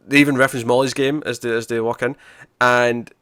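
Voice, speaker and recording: A man's voice: mid-range voice, flat delivery, a little fast, a bit bright, smooth, no echo, studio quality. A man hosting a podcast, chatting casually and animatedly as he recaps TV episodes, laughing often. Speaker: podcast host.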